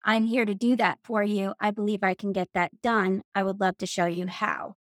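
Earnest woman pitching herself, dry. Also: level tone, normal speed, no room sound. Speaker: real estate agent in a practice pitch. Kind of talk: sales pitch practice.

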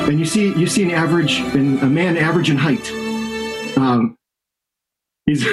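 A man playing a tabletop role-playing game, speaking in character and describing his character in a playful, excitable way that repeats itself. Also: fairly high pitch, measured pace, long pauses, music in the background. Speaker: player character.

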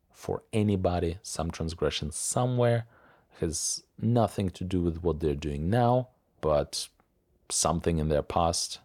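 A middle-aged man giving an unscripted, opinionated commentary on media sources, talking deliberately and sometimes repeating words as he goes. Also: sits low, a little mellow, no echo, clean studio sound.

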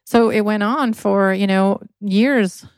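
A woman's voice: medium pitch, takes it slowly, darkish tone, dry recording. A woman from Michigan, an interview guest, telling her life story earnestly and with emotion. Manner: earnest, emotional, acts out quoted voices. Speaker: podcast guest, inventor.

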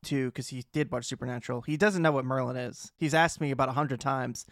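Fast-talking young man on a podcast. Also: mid-range voice, a bit bright, no echo, clean studio sound. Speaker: podcast co-host. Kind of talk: casual chat.

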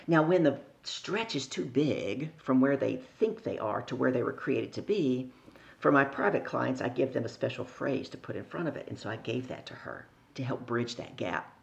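A middle-aged woman telling lively stories as a sales coach on a podcast, asking her listeners questions along the way. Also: rumbling low, normal speed, creaky, dull audio. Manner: animated storyteller who acts out voices and asks the listener questions. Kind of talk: storytelling in a podcast interview.

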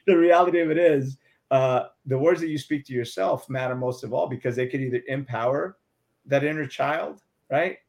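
A man's voice: mid-range voice, steady tone, normal speed, darkish tone. A man speaking as a guest on a talk show, giving earnest, emphatic motivational advice and repeating affirmations.

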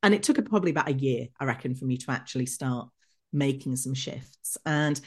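A middle-aged woman, an executive coach telling stories from her career as a podcast guest, animated and quick to act out remembered conversations. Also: extremely low pitch, slightly rough. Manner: lively, acts out remembered dialogue. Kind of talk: podcast interview storytelling.

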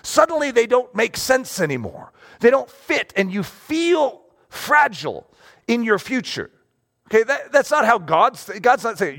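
High-pitched, lively male preacher. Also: unhurried, creaky. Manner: animated, conversational, checks in with "okay?". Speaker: pastor. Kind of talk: sermon.

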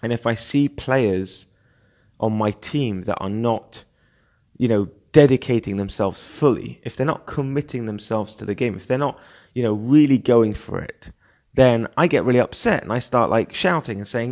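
Animated male podcast host. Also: mid-range voice, normal speed. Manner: animated, rambling, many fillers and restarts. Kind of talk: casual solo podcast monologue.

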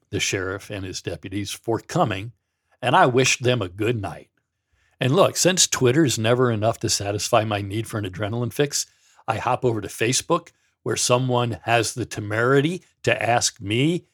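A man's voice: medium pitch, normal speed, breathy edge. A middle-aged man, a former pastor, hosting a podcast in a sarcastic, mocking monologue, reading quotes aloud with dramatic flair. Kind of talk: sardonic monologue.

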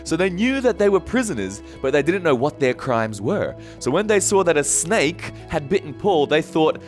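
A man preaching in a lively, sing-song way, his voice rising and falling all through a story-driven sermon. He sits a little high for a man and keeps breaking into chuckles as he tells it. Soft music plays faintly underneath. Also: normal speed, hardly any pauses. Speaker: pastor.

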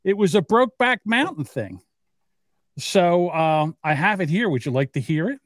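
A man with a South Jersey accent, co-hosting a casual podcast chat, halting and stumbling over words. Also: high-pitched, very animated, no room sound, studio quality. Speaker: podcast co-host.

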